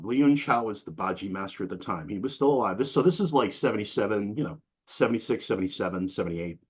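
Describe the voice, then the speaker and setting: A middle-aged man from Massachusetts, an interview guest telling stories in a casual, animated way, acting out the people he quotes with big jumps in his voice. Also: lowish voice, husky. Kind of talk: casual storytelling. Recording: dull lo-fi sound.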